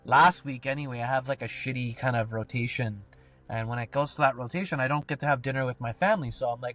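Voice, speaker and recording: A man's voice: mid-range voice, fast talker, a bit bright, faint music behind. A man telling a personal story on a podcast, rambling and swearing, with lots of filler words. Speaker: podcast co-host. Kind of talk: casual storytelling.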